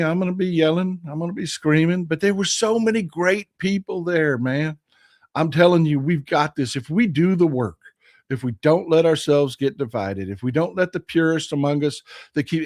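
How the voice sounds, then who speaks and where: A man hosting a live political stream, hoarse and strained from yelling, talking with impassioned repetition straight to his viewers. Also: on the high side. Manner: impassioned, repetitive, addresses the chat directly. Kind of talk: casual political talk.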